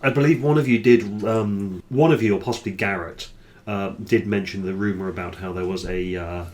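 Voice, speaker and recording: A man acting as game master, narrating a tabletop game in a measured, descriptive way. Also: lowish voice, steady tone, darkish tone, a little hiss or hum.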